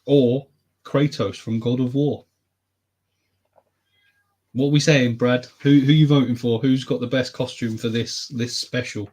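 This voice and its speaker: A man's voice: mid-range voice, steady tone, measured pace, pauses often, darkish tone. A man co-hosting a casual podcast chat, teasing, laughing often and swearing casually. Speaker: podcast co-host.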